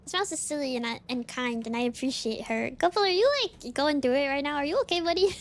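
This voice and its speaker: A woman streamer chatting casually with her chat while gaming, animated and giggly. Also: high voice, fast, a little hiss or hum.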